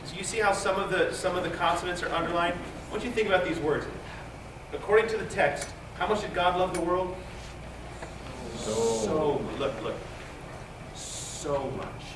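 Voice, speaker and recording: Choir director, male, higher voice, coaching singers from a distance in a roomy hall, encouraging, sings snippets. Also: a little fast. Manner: encouraging, repeats words, sings phrases to demonstrate. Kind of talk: choral rehearsal instruction. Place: large rehearsal hall. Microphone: distant recorder. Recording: echoey hall from far off, hissy.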